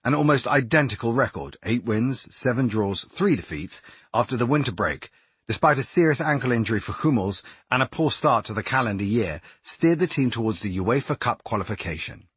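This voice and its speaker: A man reading a nonfiction sports book aloud as narrator, telling it in a measured way. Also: mid-range voice, lively intonation, fairly bright tone, breathy edge, dry recording. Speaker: audiobook narrator. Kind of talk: scripted narration.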